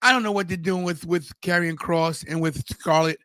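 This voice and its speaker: A man co-hosting a wrestling podcast, chiming in with quick remarks and explaining the rules in casual chat. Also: on the high side, fairly even intonation, bright, forceful tone, no echo. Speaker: podcast co-host.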